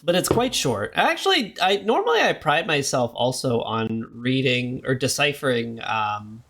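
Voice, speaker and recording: A man's voice: medium pitch, very animated, unhurried, creaky, fairly bright tone. A young man streaming a horror game live, joking and rambling as he reads the game's text aloud. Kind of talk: live gameplay commentary.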